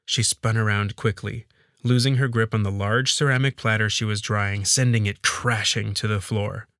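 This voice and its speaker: A man narrating a first-person audiobook story in a steady storytelling read. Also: lowish voice, moderate pace, dry recording, clean studio sound.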